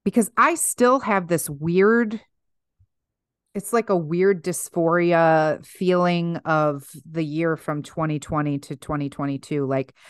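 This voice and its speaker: A woman's voice: low voice, slow, clear, resonant tone, dry recording, clean studio sound. A woman co-hosting a faith podcast, talking in an emphatic, exhorting way with casual fillers. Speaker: podcast co-host.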